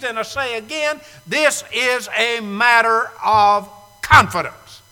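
Male preacher, high-pitched and very bright, emphatic, dramatic loud-to-hushed delivery. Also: slow pace, clean tone, long reverb tail, poor audio. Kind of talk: sermon. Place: church sanctuary.

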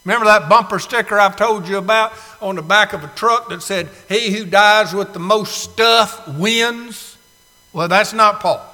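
A man pastor preaching a sermon, swinging from hushed asides to shouted emphasis, with drawn-out words and rhetorical questions. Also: high-pitched. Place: church sanctuary. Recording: long reverb of a church hall.

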